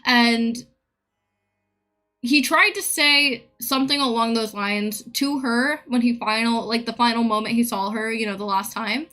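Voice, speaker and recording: A woman's voice: on the high side, fairly even intonation, measured pace, sharp tone. A woman streamer in a casual live-stream rant, blunt, profane and opinionated.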